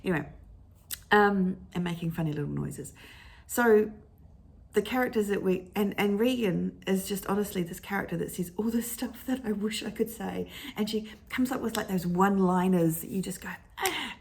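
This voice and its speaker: Rambling woman with a gravelly, husky voice. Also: mid-range voice, moderate pace, a little mellow. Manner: rambling, digressive, often restarts and corrects herself. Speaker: vlogger talking about favorite books. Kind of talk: casual chat. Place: at home at her computer with her dog.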